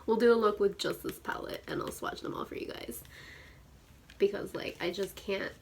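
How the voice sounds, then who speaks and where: In her excited beauty-unboxing vlog, a woman in her thirties gushes and squeals, then lowers to whispered asides. She speaks at a moderate pace in a mid-range voice with fairly even intonation, over slight background noise.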